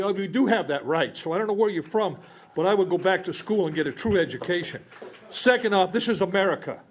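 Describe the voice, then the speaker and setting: High-voiced, furious man at the podium, rambling and out of breath. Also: slight background noise. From Newberry Springs, California. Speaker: public commenter. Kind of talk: public comment speech.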